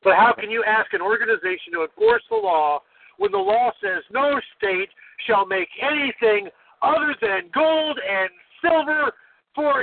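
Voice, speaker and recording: An older American man, a guest on a call-in talk show, ranting forcefully and ending points with "okay?". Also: extremely high pitch, creaky. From United States. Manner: forceful, preachy, keeps adding "okay?". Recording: tinny phone line.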